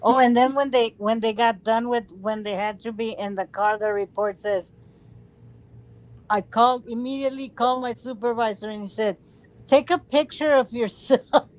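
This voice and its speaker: A woman chiming into a casual stream conversation, animated and quick to laugh. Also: on the high side, poor audio.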